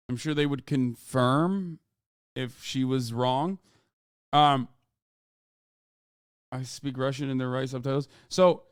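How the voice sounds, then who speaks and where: A male livestream host giving animated, profane reaction commentary over a played clip. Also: on the high side, clear, resonant tone, no room sound, studio quality.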